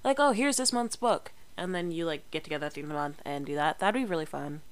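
Chatty young woman vlogger, clear voice. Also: low-pitched, very fast. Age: young adult. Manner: chatty, rambling, lots of fillers and self-corrections. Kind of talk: casual chat to camera.

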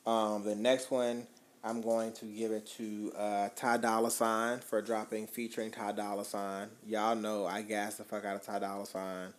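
Brief: male podcast co-host, relaxed slangy music chat, loose and unpolished. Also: lowish voice, normal speed. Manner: laid-back slangy talk, swears freely. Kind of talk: casual chat about music.

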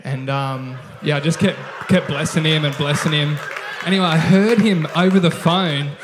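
A man's voice: on the high side, steady tone, moderate pace, background noise. A man with an Australian accent, an online pastor, telling a church testimony in a chatty, amused way. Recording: echoey hall.

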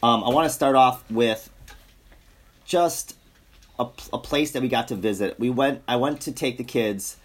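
A man's voice: medium pitch, measured pace, husky. A man hosting a podcast in casual family chat, rambling and joking, repeating himself as he goes. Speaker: podcast host.

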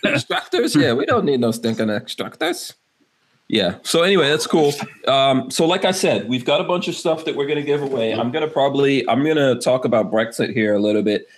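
Laughing, rambling podcast host man. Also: mid-range voice. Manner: laughs often, loose rambling delivery. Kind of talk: casual chat.

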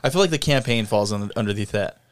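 A man's voice: on the low side, lively intonation, fast talker. Jokey rambling man, podcast co-host. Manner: rambling, jokey, sings and mimics. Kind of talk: casual chat.

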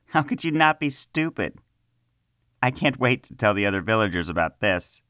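A man's voice: lowish voice, big pitch swings, moderate pace, no room sound, clean studio sound, pitched above the performer's own voice. A man voicing an arrogant young male villager who mocks and scoffs in a storybook reading. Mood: taunting. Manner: taunting, loud and scornful.

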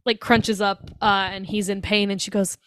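A woman's voice: medium pitch, flat delivery, moderate pace, a bit bright. A young woman co-hosting a podcast, chatting casually and swearing freely while recapping a movie and acting out its lines. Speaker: podcast co-host.

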